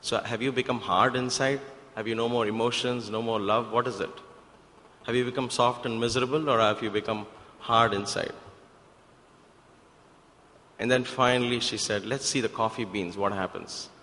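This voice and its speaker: A man's voice: mid-range voice, steady tone, normal speed, long pauses, sharp tone, slight background noise. A man giving a sermon-style talk at a spiritual center, telling a parable with emphatic rhetorical questions. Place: devotional center hall. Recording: hall with long reverb.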